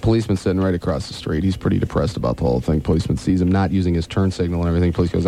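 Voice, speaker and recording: A man hosting a radio morning show, telling long jokes and slipping into quick character voices. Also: sits low, creaky, mellow.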